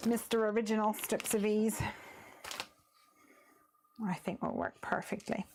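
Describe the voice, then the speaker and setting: A woman's voice: mid-range voice, little pitch movement, unhurried, creaky, darkish tone, slight background noise. A woman hosting a casual crafting livestream, chatting through each step as she works.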